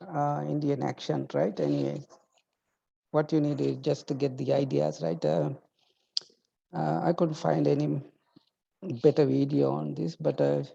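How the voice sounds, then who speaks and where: Lecturer, online class; heavy gravelly fry, very dark tone, halting delivery full of fillers and "right?" check-ins, dull lo-fi audio. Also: mid-range voice, little pitch movement. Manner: halting, many fillers and restarts, checks in with 'right?'. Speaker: university lecturer.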